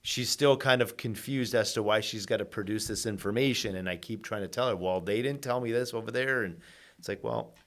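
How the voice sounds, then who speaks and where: A man's voice: fairly low pitch, a little fast, a bit bright. A man who works as a mortgage agent, a guest in casual podcast chat, speaking earnestly with dry humor and often repeating words as he thinks.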